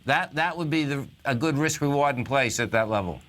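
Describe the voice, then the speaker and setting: A man's voice: mid-range voice, a little fast, a bit bright. A male talk radio host giving casual, rambling stock market commentary.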